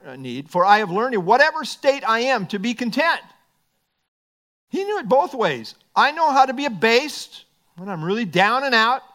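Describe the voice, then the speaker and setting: A man preaching a sermon, quoting scripture and dropping into quiet, joking asides. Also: sits high. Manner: expressive, swings between emphatic and quiet asides; quotes scripture, light humor. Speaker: pastor.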